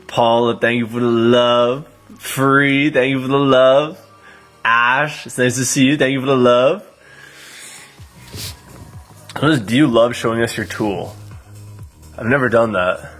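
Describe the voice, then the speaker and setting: A man's voice: mid-range voice, fairly even intonation, a little slow, long pauses, fairly bright tone, faint music behind. Chatty man in his twenties, live streaming. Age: 20s. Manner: chatty, reads out and thanks viewers by name. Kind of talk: casual live stream chat.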